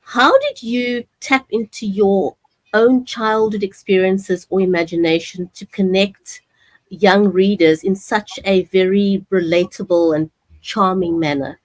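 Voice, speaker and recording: A South African woman co-hosts, asking her questions in a measured, warm way. Her mid-pitched voice sounds dry and close. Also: steady tone, no echo. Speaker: co-host. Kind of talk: interview questions.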